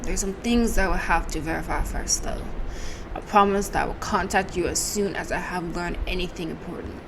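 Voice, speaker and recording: A woman's voice: lowish voice, brisk, noisy background, natural voice. A woman voicing a grave male doctor in a formal manner, with a weak attempt at a German accent.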